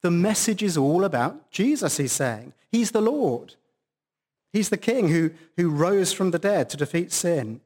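A man's voice: high-pitched, sing-song, unhurried, a little mellow. A man preaching a sermon at a church service, stressing key words for emphasis.

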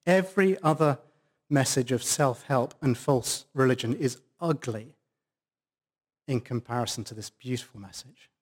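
A man's voice: medium pitch, normal speed. A man preaching a sermon at a church service, stressing key words for emphasis.

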